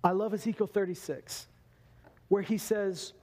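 A man preaching a sermon in an animated way, acting out quotes as he goes. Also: high voice, a little slow. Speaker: pastor.

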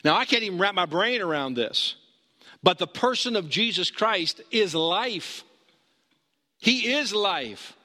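A man preaching a sermon as pastor, earnest, rising high when he urges and dropping low and slow for emphasis. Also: expressive, bright, forceful tone, long reverb tail.

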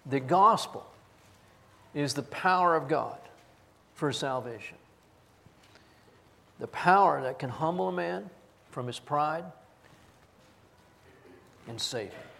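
A man's voice: a little high, lively intonation, slow pace, creaky, long pauses, a bit bright. A man preaching a sermon as pastor, earnestly reading scripture aloud and stressing single words. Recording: long hall reverb.

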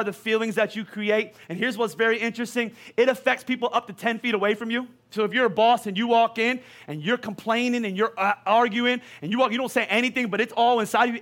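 A male pastor preaching a sermon in a lively, conversational way, full of questions to the congregation. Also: extremely high pitch.

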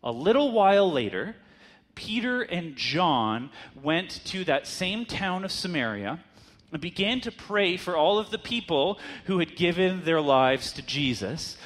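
A man's voice: sits high, sing-song, measured pace. A man preaching a sermon in a conversational teaching manner, asking his listeners rhetorical questions.

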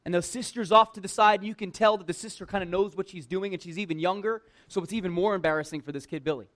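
Speaking quickly in a high voice, a man who works at a church shares a funny story from his own life. He keeps it lively and conversational, says "like" constantly and pokes fun at himself throughout.

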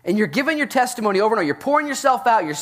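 A man preaching a Bible-teaching sermon in a casual, animated way, with jokey asides. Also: very high voice, rapid-fire. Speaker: pastor.

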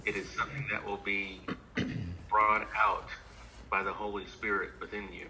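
A man in a church class answering a question, speaking haltingly and repeating words. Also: on the low side, level tone, pushed and bright, slight background noise, low-quality recording. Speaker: class member. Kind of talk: answering in a group discussion.

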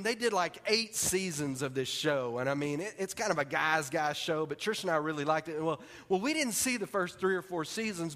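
A man preaching a sermon, telling a story in an animated way and acting out its scenes. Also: a little high. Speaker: pastor. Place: church sanctuary. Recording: long hall reverb.

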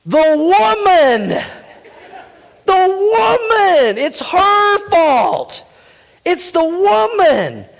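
A man's voice: extremely high pitch, very animated, drawn-out words, gravelly, long reverb tail, a faint crowd, pitched above the performer's own voice, heavily acted. A man voicing Adam as a whiny, blame-shifting young man, comic and exaggerated.

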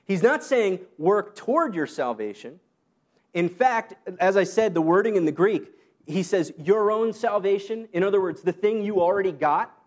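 Delivering a loose, conversational sermon, a high-voiced male pastor sprinkles in short laughs and jokes at his own expense. He is expressive at a normal pace, and his pitch rises high whenever he quotes the apostle Paul.

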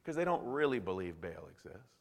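A man preaching a sermon in an animated way, swinging from hushed to loud. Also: low-pitched, quick pace, creaky, big-room sound. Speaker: pastor.

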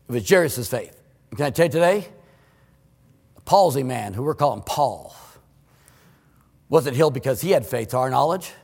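Male pastor, sermon, high voice, emphatic, hall reverb. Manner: emphatic, swings from loud to hushed. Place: church sanctuary.

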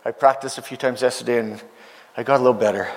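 A man's voice: medium pitch, steady tone, fast, a little hiss or hum. A man telling an emotional story in a sermon, earnest and heartfelt, acting out the voices of the people he quotes. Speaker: preacher. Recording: long hall reverb.

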